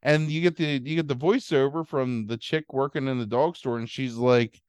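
A man on a podcast, recapping a film in a loose, rambling way and putting on goofy voices for its characters. His voice sits at an ordinary middle pitch, and the sound is dry and close to the mic. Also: moderate pace, clear, resonant tone, no echo. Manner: rambling, animated storytelling with silly put-on voices. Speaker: podcast host. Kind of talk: casual movie recap chat.

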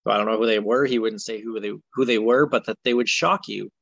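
A man's voice: on the low side, fast talker, creaky, fairly bright tone, dry recording, highs cut off. A man co-hosting a podcast, ranting in exasperation about a football game in casual chat. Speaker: podcast co-host.

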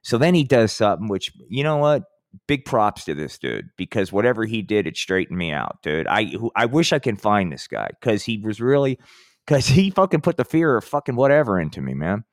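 Rambling, cursing man, deep and dry. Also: big pitch swings, a little fast, no room sound. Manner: rambling, profane, says "man" a lot. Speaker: podcast host. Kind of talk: profane storytelling monologue.

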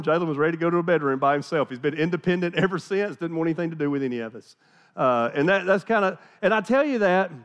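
A man's voice: on the high side, lo-fi sound. A middle-aged man from the American South, a pastor telling a folksy, self-deprecating story in a sermon, chatty with many restarts.

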